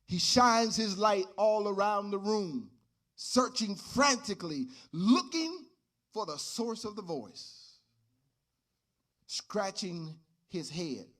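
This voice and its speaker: A man preaching as a pastor, telling a story in his sermon and building up to loud shouted calls. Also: high-pitched, takes it slowly. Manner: animated, rising to shouts.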